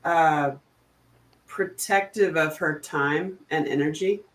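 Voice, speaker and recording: A middle-aged woman chatting casually, telling animated stories and laughing often. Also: low voice, slow pace. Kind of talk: casual chat.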